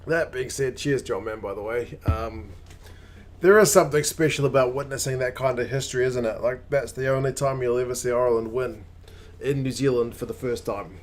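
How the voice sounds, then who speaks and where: A man's voice: mid-range voice, brisk, a little hiss or hum. A man hosting a live rugby watch-along, chatting casually, rambling and greeting viewers by name. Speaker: rugby channel host.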